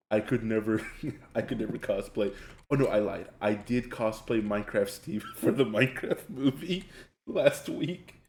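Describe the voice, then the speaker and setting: A man streaming live, telling stories in a loud, excitable way and laughing often as he reads chat. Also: lowish voice, reverberant. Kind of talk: casual storytelling while gaming on a live stream.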